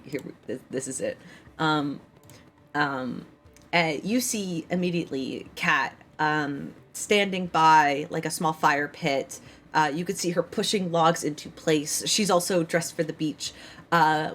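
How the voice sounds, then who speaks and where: Tired woman game master, lowish voice. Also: a little hiss or hum. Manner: rambling, full of ums and likes. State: tired, strained voice. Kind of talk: narrating a tabletop game.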